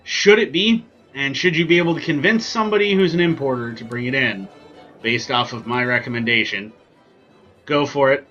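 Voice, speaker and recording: A man's voice: medium pitch, bright, forceful tone, muffled recording. A man hosting a casual whiskey tasting vlog, chatty and joking with lots of ums and asides. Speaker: whiskey reviewer, channel host.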